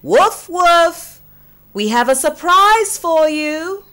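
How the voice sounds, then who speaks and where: A woman voicing a kindly farmer's wife in a children's storybook reading, bright and sing-song. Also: high voice, big pitch swings, drawn-out words, voice pushed up, exaggerated voice. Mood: delighted.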